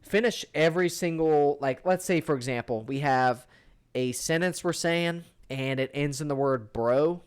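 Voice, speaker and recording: A man's voice: a little high, normal speed, clear, resonant tone. A young man co-hosting a podcast in casual chat, blunt, rambling and full of swearing. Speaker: podcast co-host.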